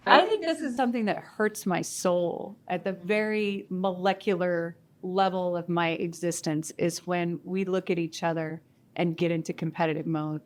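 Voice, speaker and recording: A woman speaking on a live panel at a community event, animated and self-mocking, often acting out her own inner voice. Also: fairly low pitch, normal speed.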